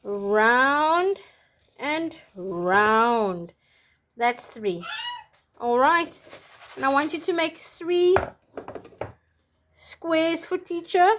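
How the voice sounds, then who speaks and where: Slow, animated preschool teacher woman. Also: sits high, a little hiss or hum. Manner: animated, sing-song teacher talk. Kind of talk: storybook reading and lesson for young children.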